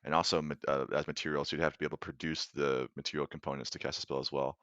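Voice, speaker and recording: A man with a very low, rumbling voice narrates a tabletop role-playing game as dungeon master. He talks in a loose, rambling way full of ums and uhs. The sound is dry and a little dull, like a lo-fi stream mic. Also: flat delivery, very fast, a bit bright, clear, resonant tone, dry recording. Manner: rambling, filler-heavy, laid-back.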